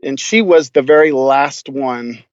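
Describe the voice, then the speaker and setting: A man's voice: mid-range voice, measured pace, no echo, muffled recording. A man, a podcast guest, telling stories casually in a rambling, profane way, full of fillers. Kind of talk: casual storytelling.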